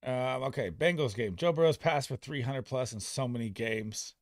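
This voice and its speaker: A young man hosting a casual livestream, jumping between excited outbursts and quick asides, swearing freely. His voice sits at an ordinary pitch and is recorded close and dry, with no room around it. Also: no echo. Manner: excitable, profane, talks fast and loose. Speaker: fantasy football streamer.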